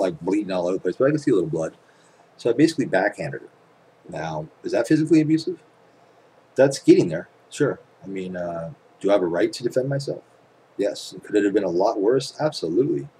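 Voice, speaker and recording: Deep-voiced man ranting with heavy profanity. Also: darkish tone, a little hiss or hum, poor audio. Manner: profane, emphatic storytelling with rhetorical questions. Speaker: channel host. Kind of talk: casual ranting monologue to camera. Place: at home.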